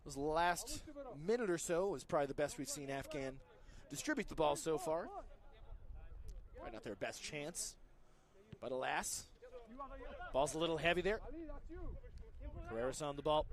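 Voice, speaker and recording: A man calling a live amateur soccer match, chatty and joking, getting louder and quicker when play gets close to goal. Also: a little high, crowd noise. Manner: chatty, joking asides, rising excitement on attacks. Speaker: play-by-play commentator.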